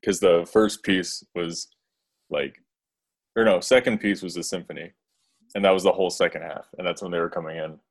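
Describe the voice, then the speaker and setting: A young man co-hosting a casual chat, telling a story hesitantly with many pauses. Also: low voice, fairly even intonation. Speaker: podcast co-host.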